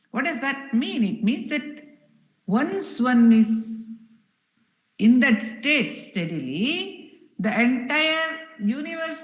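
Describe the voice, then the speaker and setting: A woman giving a satsang discourse as a spiritual teacher, telling stories in a slow, measured way with pauses. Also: fairly high pitch. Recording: echoey room.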